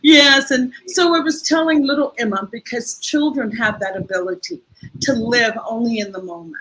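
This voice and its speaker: An older woman speaking as a guest in a conversational interview, telling a heartfelt story in a lively, expressive way. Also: a little high, moderate pace, rough recording.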